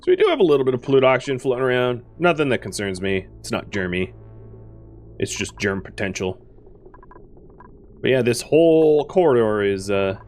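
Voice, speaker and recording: Rambling man narrating his game. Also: medium pitch. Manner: rambling and self-correcting, with frequent fillers. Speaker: gaming streamer. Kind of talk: casual let's-play commentary.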